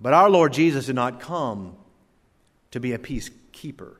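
A man preaching a sermon, swinging from loud emphasis to hushed asides and telling folksy stories. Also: mid-range voice, lively intonation, moderate pace. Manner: tells folksy stories with voiced characters. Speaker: pastor. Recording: long hall reverb.

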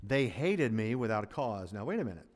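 A man's voice: on the low side, big pitch swings, fairly quick, in a large hall. A male pastor preaching a sermon to his congregation, emphatic and full of rhetorical questions. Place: church sanctuary.

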